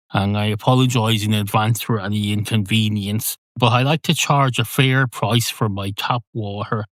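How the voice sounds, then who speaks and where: A fussy, long-winded barman, as a man plays him, officious and easily exasperated. The voice sits at a middling pitch on a dry, close mic. It is a comic podcast story. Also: dry recording, close to an everyday voice.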